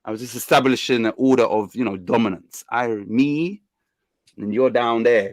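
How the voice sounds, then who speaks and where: A man with a mid-range voice hosts a casual livestream at normal speed, teasing and bossing his guest around in banter full of fillers. The recording has no echo.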